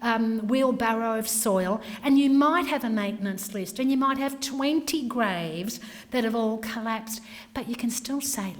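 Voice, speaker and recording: Animated woman presenting in a hall. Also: on the high side, moderate pace. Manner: animated, acts out customer exchanges, drops to whispers. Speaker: workshop presenter. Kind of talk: training talk with acted scenarios. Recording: long reverb of a hall.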